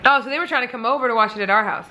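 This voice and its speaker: A woman's voice: on the high side, very fast, a crowd in the background. A young pregnant woman vlogging casually to camera, chatty and blunt, swearing freely and using lots of fillers. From American Midwest.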